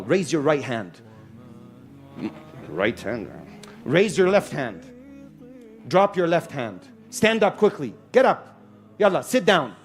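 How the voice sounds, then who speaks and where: Man preaching live to a crowd, high voice, really lively ups and downs. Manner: animated, calls on the audience. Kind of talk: live sermon to an audience.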